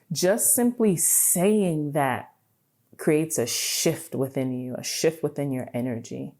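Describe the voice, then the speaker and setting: A woman hosting a podcast, giving an animated, casual motivational talk, swearing freely and checking in with "right?". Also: deep voice, unhurried. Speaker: podcast host.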